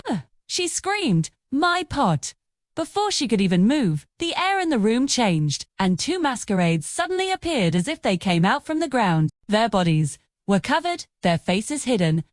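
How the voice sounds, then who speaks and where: A woman narrates a folktale in a dramatic, vivid style. Her voice sits a little high and moves lively up and down. The recording is dry and close. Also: no echo. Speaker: storyteller.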